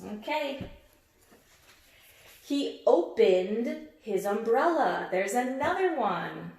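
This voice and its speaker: A woman's voice: fairly high pitch, lively intonation, extremely slow, a little mellow, echoey room. A woman teacher reading a picture book aloud and repeating words emphatically as she quizzes her listeners on word endings. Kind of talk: read-aloud phonics lesson.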